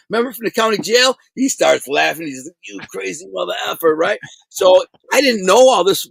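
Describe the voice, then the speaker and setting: A middle-aged man telling prison stories in a casual interview, animated and streetwise, full of slang and acted-out quotes. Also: mid-range voice, no room sound.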